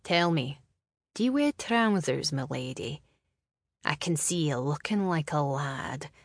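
A woman voicing a smug, teasing young Highland laird, speaking low and slow. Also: lively intonation, dry recording, studio quality, exaggerated voice. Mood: mocking.

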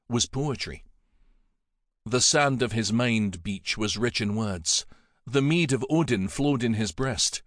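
A man narrating an audiobook in a measured, dramatic storytelling manner. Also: on the low side, no room sound, clean studio sound.

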